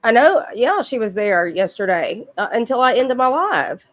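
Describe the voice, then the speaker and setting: A woman's voice: a little high, sing-song, moderate pace, dull audio. A woman, sick with a cold and sniffling, hosting a livestream in casual, blunt, profane chat with her viewers. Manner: blunt, profane, chatty with frequent asides. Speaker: livestream host.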